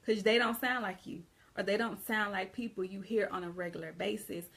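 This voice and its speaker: Southern American woman, casual grammar teacher, gravelly voice, rambles and restarts. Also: mid-range voice, steady tone, fairly quick, a bit bright. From Southern United States. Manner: conversational, repeats and restarts phrases. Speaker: English teacher. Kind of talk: casual online grammar lesson.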